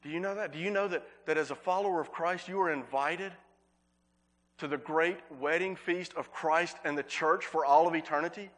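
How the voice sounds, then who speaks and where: A man preaching a sermon as pastor, earnest, repeating words for emphasis and slowing on key phrases. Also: fairly high pitch, a bit bright.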